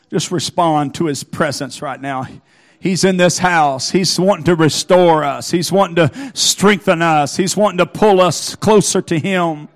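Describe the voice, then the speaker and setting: A male pastor preaching a sermon, swinging from quiet, hushed passages to fervent shouting, punctuating phrases with a rhythmic "uh". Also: on the high side. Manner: speaks in tongues. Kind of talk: Pentecostal sermon. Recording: faint music behind.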